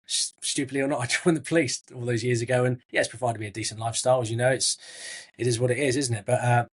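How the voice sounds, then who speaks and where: A man's voice: medium pitch, fairly even intonation, fast, slightly rough. A middle-aged man from Southwest England, an actor and guest in an interview, talking in a chatty way with frequent restarts and friendly asides. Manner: chatty, frequent restarts, calls people mate. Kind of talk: casual interview chat.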